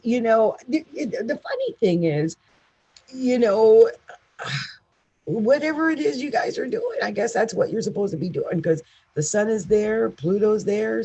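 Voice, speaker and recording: A woman's voice: medium pitch, warm tone, husky, highs cut off. A woman astrologer giving a casual, chatty horoscope reading with emphatic asides. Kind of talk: casual monthly horoscope talk.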